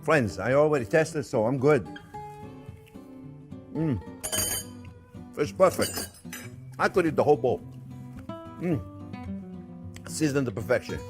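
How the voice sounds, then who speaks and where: A middle-aged man hosting a casual cooking demonstration, chatty and animated, telling stories as he cooks. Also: mid-range voice, slow pace, long pauses, music in the background. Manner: chatty, animated storytelling, exclamations. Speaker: cooking show host.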